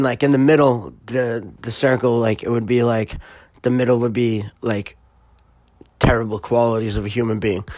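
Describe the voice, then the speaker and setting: Young male podcast host, Boston accent, mid-pitched, rambling and crude, dry close recording. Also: no echo. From Massachusetts. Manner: rambling, profane, full of fillers. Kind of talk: casual solo podcast chat.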